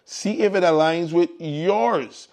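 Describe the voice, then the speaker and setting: A man's voice: a little high, slow pace, a little mellow. A man hosting a live morning show in casual chat, upbeat and fond of repeating his calls to the audience. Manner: upbeat, repetitive exhortations to the audience.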